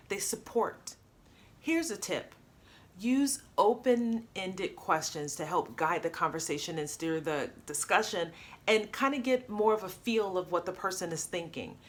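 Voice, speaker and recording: Animated woman coach talking to camera. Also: fairly low pitch. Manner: upbeat, animated, acts out example lines.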